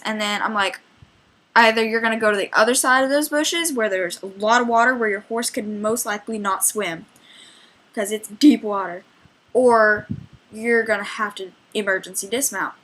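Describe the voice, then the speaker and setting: A woman's voice: a little high, moderate pace, a bit bright, poor audio. A young woman who works as a trail guide, chattily retelling a trail ride with lots of quoted back-and-forth. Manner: chatty, rambling retelling with many quoted exchanges. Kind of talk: storytelling vlog.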